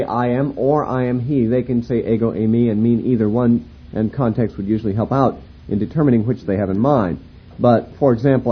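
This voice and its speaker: A man teaching a Bible lecture in a measured, explanatory way, pausing to spell out and repeat words. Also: medium pitch, husky, highs cut off.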